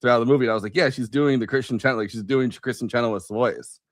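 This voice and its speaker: A man co-hosting a podcast, talking casually in a halting, hesitant way. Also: mid-range voice, dry recording, studio quality. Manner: halting, hesitant, self-deprecating. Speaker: podcast co-host. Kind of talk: casual chat.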